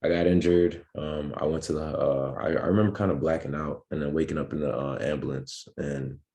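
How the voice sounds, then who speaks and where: A man's voice: extremely low pitch, fairly even intonation, a little fast, mellow. A young man, a pro basketball player, tells his story as a podcast guest in a laid-back way, with many ums and restarts. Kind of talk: casual interview storytelling.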